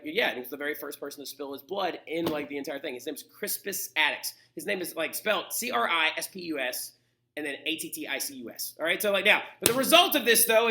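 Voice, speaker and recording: A man's voice: a little high, bright, forceful tone. A man teaching a history lesson in a casual, chatty way, often checking in with "right?". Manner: chatty, keeps asking "right?". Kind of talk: casual classroom lecture.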